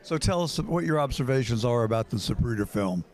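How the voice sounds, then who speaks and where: A man's voice: medium pitch, lively intonation, fairly quick, a little mellow. A man hosting and interviewing on location at a hotel conference, asking leading questions in a presenter's manner. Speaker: host and interviewer.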